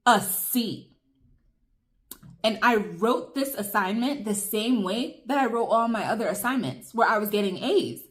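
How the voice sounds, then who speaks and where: A young woman telling viewers an emphatic, chatty story over a meal in a casual vlog. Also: medium pitch. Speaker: vlogger. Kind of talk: casual storytime while eating.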